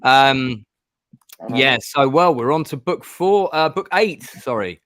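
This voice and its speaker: A man's voice: mid-range voice, animated, takes it slowly, fairly bright tone, no echo, studio quality. A middle-aged man hosting a gamebook stream, chatting casually with lots of ums and restarts. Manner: rambling, many ums and restarts. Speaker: stream host playing a gamebook. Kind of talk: casual chat.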